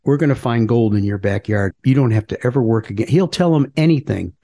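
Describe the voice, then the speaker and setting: A man's voice: medium pitch, a little fast, warm tone. A middle-aged man, a politician co-hosting a podcast, talking in a plain-spoken, earnest, folksy way. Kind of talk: casual political chat.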